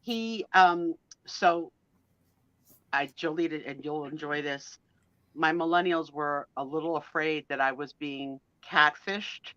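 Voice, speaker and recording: A woman with a bright, forceful voice that sits a little low, telling stories animatedly in a live online chat. She laughs easily and acts out quotes. The sound is dull and dry, like lo-fi stream audio. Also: takes it slowly, no room sound. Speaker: guest co-host of a live sale chat.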